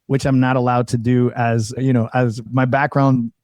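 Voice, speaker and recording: A man's voice: medium pitch, flat delivery, moderate pace, a little mellow, no echo. A man from Colombia, a podcast guest, earnestly telling his personal story and quoting others along the way. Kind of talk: personal testimony in casual conversation.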